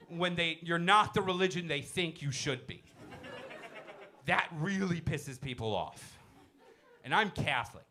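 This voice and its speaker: A man performing a stand-up comedy set in a comedy club, talking loosely and dropping into quick character voices. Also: high-pitched, pushed and bright. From born in a Muslim-majority country. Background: audience laughter.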